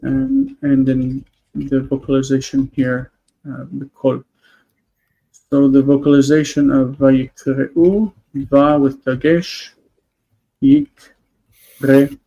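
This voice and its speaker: A man teaching a grammar lesson on a video call, explaining patiently and slowing down to spell out words. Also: medium pitch, fairly even intonation, creaky, mellow, highs cut off. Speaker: Hebrew teacher. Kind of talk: online class lesson.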